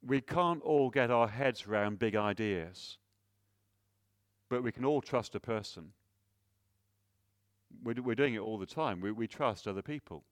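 A mid-pitched man delivers a sermon with earnest conviction, leaning on rhetorical questions and frequent restarts. He swells to emphatic volume on key points and falls to a hushed tone for weight. The sound is dry, with no room around it. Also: unhurried, pauses often, no echo. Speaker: preacher.

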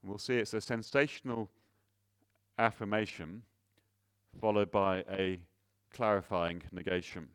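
A man preaching a sermon, earnest and full of rhetorical questions, often restarting phrases, rising louder on key points and dropping soft for emphasis. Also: on the low side, fairly even intonation, measured pace, long pauses, smooth, no room sound, clean studio sound.

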